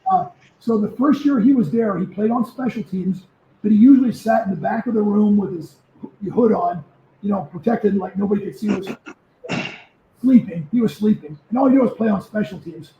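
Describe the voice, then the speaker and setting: A man in his seventies, a former football player, telling stories as a guest in a casual interview, lively and prone to repeating himself. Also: high voice, a little fast, vocal fry, slight background noise. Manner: animated storyteller who repeats words. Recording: echoey, muffled remote audio.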